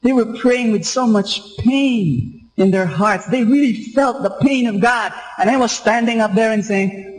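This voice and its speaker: A man with a Filipino accent preaching a sermon, telling a story earnestly and slowing down to stress key points. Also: high-pitched, poor audio. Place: church or radio broadcast.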